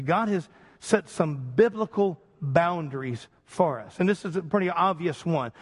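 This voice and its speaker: Man, pastor, sermon, high voice, earnest preaching, slows for emphasis, long hall echo. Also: slightly rough.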